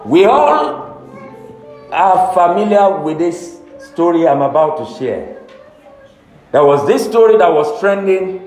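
A man's voice: a little high, darkish tone. A man preaching a sermon, emphatic and dramatic, repeating his key phrases. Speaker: pastor. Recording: echoey hall with faint music.

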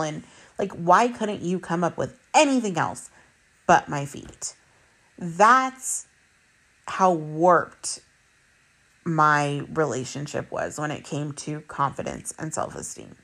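A woman's voice: deep voice, animated, takes it slowly, creaky, a bit bright. A woman in her thirties, a mother, talking bluntly to her viewers about relationships, swearing freely and repeating points for emphasis. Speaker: vlogger. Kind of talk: candid personal monologue.

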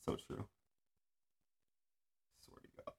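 A man's voice: slow, a little mellow. A man hosting a casual podcast chat, rambling and swearing freely, with frequent laughs. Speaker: podcast host. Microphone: audio-only podcast recording.

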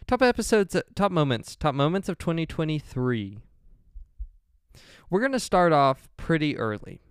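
A man's voice: a little high, very animated, normal speed, clean tone, no room sound, studio quality. A young man hosting a solo podcast, rambling along with many fillers and frequent self-corrections. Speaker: podcast host.

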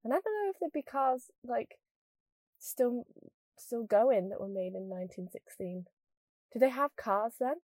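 A young woman from northern England with a mild northern accent, hosting a podcast as a casual chatty monologue and rambling quickly with lots of "like". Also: a little high, expressive, a little mellow, no echo, studio quality. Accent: mild northern English. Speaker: podcast host.

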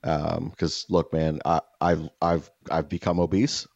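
A man's voice: a bass voice, flat delivery, measured pace, gravelly, highs cut off, very noisy. A man co-hosting a podcast, telling crude stories in casual chat and cursing freely. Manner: crude, joking storyteller who curses freely. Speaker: podcast co-host.

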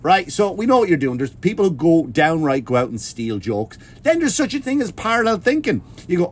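An Irish man tells a profane comedic story in a fairly high voice. He talks with animated energy, swearing freely and laughing through his own lines. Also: a little fast, few pauses, breathy edge. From Ireland. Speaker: stand-up comedian.

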